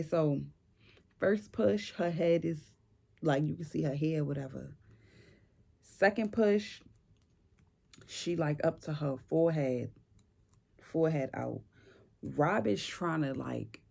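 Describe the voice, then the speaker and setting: A young woman telling a personal story in a casual, animated and chatty way, full of slang and fillers. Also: sits low, creaky. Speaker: vlogger.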